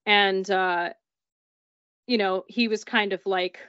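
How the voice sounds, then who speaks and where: A woman's voice: medium pitch, steady tone, slow pace, fairly bright tone, clean tone, dry recording. A woman telling of paranormal experiences in a chatty, casual way, full of "like" and acted-out dialogue. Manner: chatty, peppered with "like", acts out dialogue. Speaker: guest recounting paranormal experiences. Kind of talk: casual storytelling. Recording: dull, dry recording.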